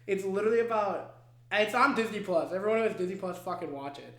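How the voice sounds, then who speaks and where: A young man co-hosting a podcast, telling a movie plot in animated casual chat, swearing often and acting out the scenes. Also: high voice, fast. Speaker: podcast co-host. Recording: echoey room.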